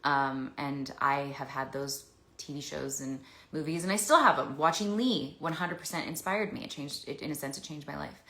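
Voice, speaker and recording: A woman's voice: sits low, moderate pace, pushed and bright. A woman answering fan questions in a casual livestream chat, rambling with many restarts. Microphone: phone. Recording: echoey room.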